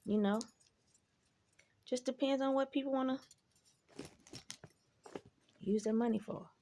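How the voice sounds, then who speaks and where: A woman's voice: high-pitched, fairly even intonation, measured pace, warm tone, slight background noise. A woman telling personal stories in a laid-back, rambling way, swearing freely and adding asides. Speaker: vlogger. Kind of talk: casual storytelling.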